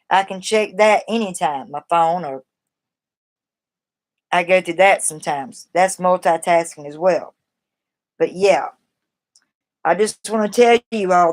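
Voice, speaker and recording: A woman from the East Coast with a Southern accent, chatting casually and rambling on a live stream as she gives advice to her viewers. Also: mid-range voice.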